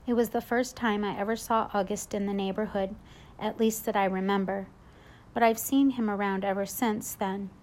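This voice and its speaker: A woman's voice: mid-range voice, darkish tone. Confiding woman reading a storybook. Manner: confiding, reflective boy's point of view. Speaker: audiobook narrator. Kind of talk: first-person storybook narration.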